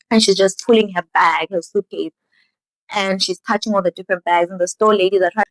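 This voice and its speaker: A young woman in a casual, animated show recap, full of "like". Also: mid-range voice, a little fast, no echo, low-quality recording. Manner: animated storytelling, lots of "like". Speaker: vlogger.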